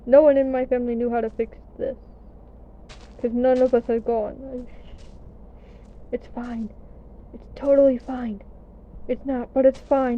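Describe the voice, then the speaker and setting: This young adult American woman vlogs about gaming, casually telling a self-deprecating, chatty story over gameplay with the odd swear word. Her high voice is flat and measured, and she pauses often. It sounds like a phone recording, with a little hiss or hum.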